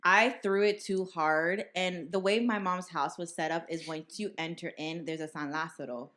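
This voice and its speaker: A woman in her twenties, a podcast co-host, telling animated, profane stories in casual chat. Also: fairly low pitch, normal speed. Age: 20s.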